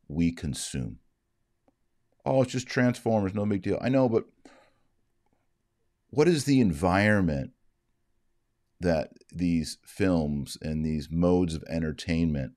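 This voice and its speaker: A man's voice: deep voice, darkish tone, no echo, clean studio sound. A man giving earnest, moralizing commentary on a livestream, reading out viewer comments as he talks. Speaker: Catholic commentator.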